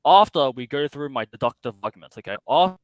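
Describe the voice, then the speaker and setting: Brief: young man as a debate caller, rapid and argumentative, dry close sound. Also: mid-range voice, animated, no echo, poor audio. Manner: rapid, filler-heavy, argumentative. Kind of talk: heated call-in debate.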